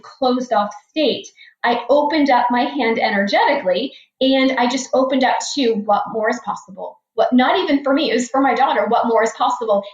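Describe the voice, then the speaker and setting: A woman in her forties, a guest financial coach, telling personal stories in an earnest way and repeating key phrases for emphasis. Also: fairly high pitch. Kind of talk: podcast interview storytelling. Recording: echoey room, dull lo-fi sound.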